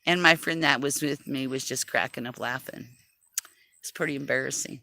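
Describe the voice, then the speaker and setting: Gravelly, tense-voiced woman chatting. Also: very deep voice, moderate pace, bright, forceful tone, no echo. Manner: chatty, self-deprecating, laughs often. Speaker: livestream host. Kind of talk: casual livestream chat.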